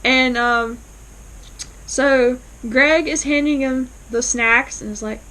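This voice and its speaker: A woman's voice: high voice, steady tone, slow, sharp tone, poor audio. A woman recapping a TV episode in a casual, chatty way, full of fillers and quoted lines. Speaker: fan reviewer.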